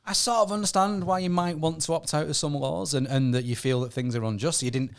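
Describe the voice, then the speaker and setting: A man's voice: fairly high pitch, fairly quick, creaky. A man, comedian and barrister, chatting as a podcast guest, hedging with frequent restarts and chuckles. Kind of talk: casual comedic chat.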